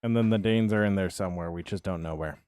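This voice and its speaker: A man's voice: sits low, fast talker, darkish tone, clear, resonant tone, dry recording. A man chatting casually on a live game stream, rambling and answering his viewers' chat as he plays.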